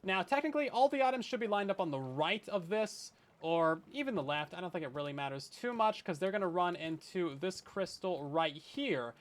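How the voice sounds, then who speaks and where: A man's voice: high voice, animated, normal speed, hardly any pauses. A young man from Canada streaming a survival game, chatting with viewers in a jokey, self-deprecating way from his bedroom. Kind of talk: casual gameplay commentary. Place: hot bedroom.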